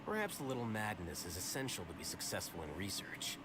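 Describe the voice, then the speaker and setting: A man's voice: on the low side, very animated, brisk, loud music behind the voice. An actor playing a proud, eccentric male scholar in a game, speaking in a wry, self-assured way, heard as game audio with background noise.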